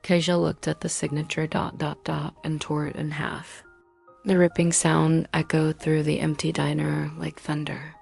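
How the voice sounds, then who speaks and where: A woman's voice: low voice, flat delivery, a little slow, creaky, a little mellow, husky, soft background music. A woman narrating a scripted dramatic story in punchy short sentences.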